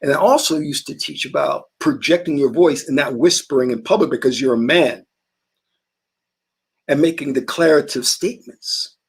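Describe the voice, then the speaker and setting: A man's voice: fairly high pitch, moderate pace, breathy edge. A man hosting a casual talk stream, telling stories in an emphatic way. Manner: emphatic storytelling. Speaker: host.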